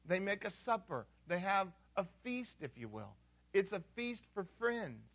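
Man, pastor, sermon, animated storyteller, questions to the audience, high voice. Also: unhurried. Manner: animated storytelling, acts out characters; conversational, asks the audience questions.

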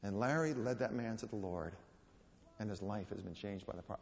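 A man's voice: on the low side, brisk. Guest preacher, man, sermon storytelling with strong emphasis, reverberant church hall.

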